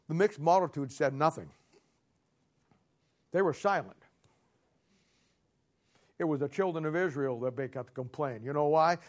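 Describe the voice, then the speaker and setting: A man preaching a sermon as pastor, emphatic and sarcastic, rising to loud outbursts. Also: mid-range voice.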